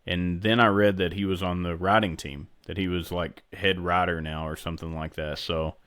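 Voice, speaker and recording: A man's voice: low-pitched, flat delivery, normal speed, fairly bright tone, clean tone, no echo, studio quality. A man co-hosting a podcast in casual chat, rambling and restarting his sentences. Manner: rambling, self-interrupting. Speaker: podcast co-host.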